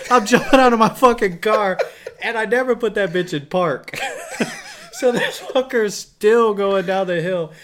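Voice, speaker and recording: A man co-hosting a podcast in loose, casual banter. He swears freely and laughs through his stories, and his voice sits a little on the high side. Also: lively intonation, normal speed, a bit bright. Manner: profane, laughing storyteller. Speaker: podcast co-host.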